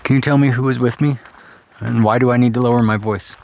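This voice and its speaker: A man's voice: mid-range voice, steady tone, fast talker, creaky, a little mellow. A man exploring an abandoned ghost town, speaking aloud to spirits in a casual, questioning way with some swearing. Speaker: paranormal investigator. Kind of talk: ghost hunting vlog. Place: abandoned ghost town, outdoors and in old houses.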